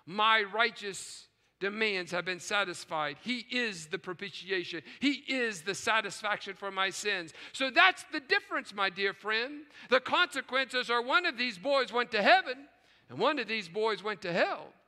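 A man preaching a sermon to a live congregation, swinging from hushed low passages to loud shouted peaks. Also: long reverb tail. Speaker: pastor. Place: large church sanctuary with choir and orchestra. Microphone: live stream.

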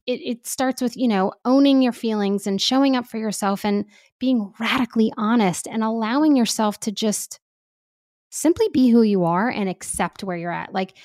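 A woman's voice: fairly high pitch, no room sound. Woman, parenting expert, chatty, filler-heavy, dry close-miked sound. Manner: animated, chatty, many fillers. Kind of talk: casual podcast conversation.

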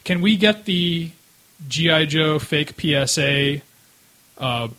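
A man co-hosting a casual podcast chat, animated, breaking into shouted impressions. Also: fairly high pitch, slow, low-quality recording. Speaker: podcast co-host.

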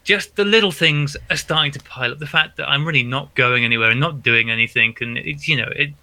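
Bright-voiced British man, laughing a lot. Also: mid-range voice, quick pace. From Britain. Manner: self-deprecating, laughs often. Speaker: podcast guest. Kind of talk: casual podcast chat. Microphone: home podcast mic, no video.

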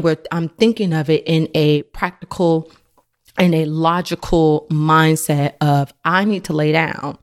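A woman's voice: low-pitched, darkish tone. A woman in her thirties, a podcast host, telling a personal faith story in an earnest, conversational way.

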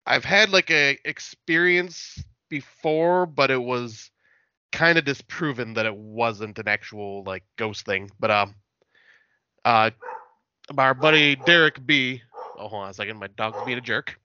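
A laid-back man chats as a podcast guest, spinning loose stories full of swearing and quick laughs. His voice is bright and forward. The sound is dry, with a slightly dull, muffled call quality. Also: medium pitch, clean tone, no room sound. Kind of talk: casual podcast chat.

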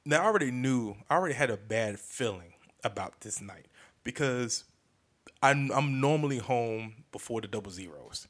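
A man hosting a comedy podcast, telling a story in a casual, animated and profane way, often restarting sentences. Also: mid-range voice, normal speed.

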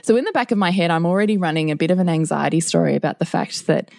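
Woman, middle-aged, podcast co-host, animated storyteller, low pitch, dry close recording. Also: racing, gravelly, no echo. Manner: animated storyteller, acts out quotes, laughs often. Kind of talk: casual storytelling chat.

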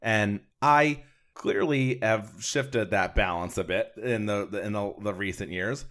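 A man's voice: fairly low pitch, a little slow, fairly bright tone. A man hosting a casual conversation, talking in an earnest, reflective way that often repeats his words.

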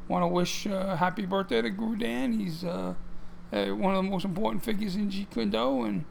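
Guy with a high gravelly voice rambling on a podcast, lots of restarts, faint hiss behind. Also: steady tone, fairly quick. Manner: rambling, frequent restarts and fillers. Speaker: podcast co-host. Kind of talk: casual podcast chat.

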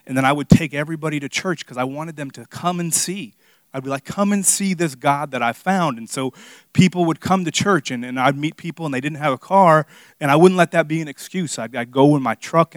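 A man's voice: on the high side, fairly quick, no room sound. A young man preaching a sermon in a casual, earnest storytelling way, full of fillers. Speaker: pastor teaching a Bible study.

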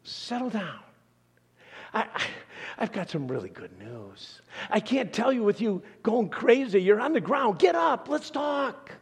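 A man voicing an excited male angel who urgently coaxes frightened shepherds to calm down, speaking casually and calling out names. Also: high voice, measured pace, creaky, husky, voice pushed up, heavily acted. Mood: urgent coaxing.

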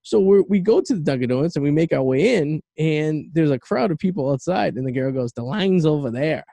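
A man's voice: on the high side, expressive, a little fast, creaky, warm tone, no echo. A man hosting a podcast in casual chat, rambling and stammering through restarts. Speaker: podcast host.

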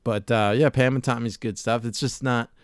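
A man's voice: mid-range voice, steady tone, moderate pace, clean tone, dry recording, studio quality. A man hosting a podcast, talking in a rambling, laid-back way with casual swearing. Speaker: podcast host. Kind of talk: casual chat.

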